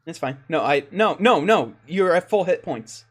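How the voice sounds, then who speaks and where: Dm guy, kinda high voice, walks the players through rules, laughs easy. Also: expressive. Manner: explains rules patiently, quick to laugh. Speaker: dungeon master. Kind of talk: running a tabletop game.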